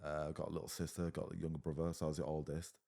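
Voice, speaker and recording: A man's voice: very deep voice, little pitch movement, racing, creaky, mellow. A man in his thirties with an English accent, talking bluntly as a podcast guest, swearing often and saying mate a lot. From England. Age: 30s. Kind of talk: casual conversation.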